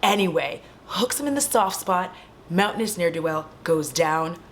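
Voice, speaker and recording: A woman with a fairly low voice gives a loose, foul-mouthed recap of a horror film from her home. She talks straight to her viewers with lots of playful asides. A faint hiss of noise sits under her voice. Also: normal speed. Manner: animated, swears freely, chatty asides to viewers. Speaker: horror movie recap vlogger. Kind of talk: casual profane movie recap.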